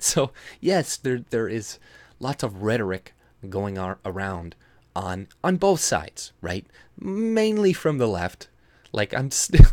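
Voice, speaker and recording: A man's voice: medium pitch, no room sound. A man from Canada giving a heated, swearing video rant, breaking into scoffing laughs and mocking other people's voices. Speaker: political commentator. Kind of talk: ranting video commentary.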